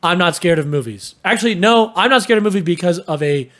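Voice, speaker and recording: A young man co-hosting a casual podcast, telling stories in an animated way and swearing freely. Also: sits high, fast. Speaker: podcast co-host.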